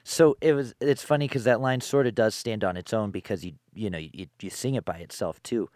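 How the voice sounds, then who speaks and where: A man's voice: lowish voice, brisk, darkish tone, no room sound, clean studio sound. A man interviewing a songwriter, talking things through thoughtfully with many "you know"s. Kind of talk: casual interview chat.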